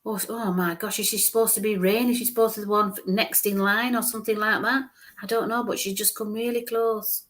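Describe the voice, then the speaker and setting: A woman's voice: mid-range voice, flat delivery, brisk, fairly bright tone. Chatty woman giving a live reading. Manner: chatty, describes what she sees, often checks in with "okay?". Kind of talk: live-streamed psychic reading.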